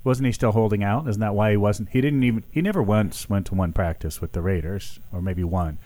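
A man hosting an opinion talk show, animated and indignant, calling his listeners folks. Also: lowish voice, fairly quick, dry recording. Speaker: host. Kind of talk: opinion talk radio commentary.

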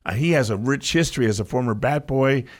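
A man in a casual sports conversation, drifting through memories of players he met. His delivery is loose and rambling, and he pauses mid-thought to recall names. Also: mid-range voice. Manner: rambling storyteller, reminiscing.

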